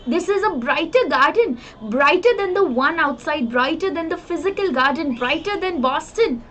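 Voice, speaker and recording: A woman's voice: sits high, animated, normal speed, hardly any pauses, a bit bright, muffled recording, a little hiss or hum. A young woman with an Indian English accent, explaining a poem in a lesson, earnestly repeating and paraphrasing each line. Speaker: teacher.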